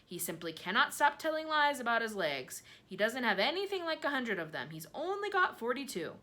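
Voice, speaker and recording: Brief: woman doing a fussy, prim earthworm, raised and bright, huffy and correcting. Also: a little high, sing-song, a little fast, voice pushed up. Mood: peevish. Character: prim, peevish blind earthworm, fussy male.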